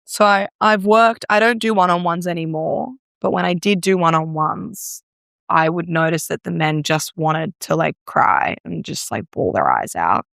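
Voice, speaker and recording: A woman's voice: on the low side, animated, normal speed, gravelly, a bit bright, no room sound, clean studio sound. A young Australian woman, a breathwork guest, telling stories in casual chat full of "like" fillers. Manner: chatty, storytelling, many "like" fillers.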